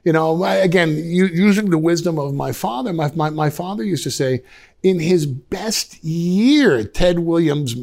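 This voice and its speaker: Gravelly storytelling man in his fifties. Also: on the high side, unhurried. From Westchester, New York. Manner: animated, many restarts, slips into quoted voices. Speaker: guest. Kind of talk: reflective storytelling in a podcast interview.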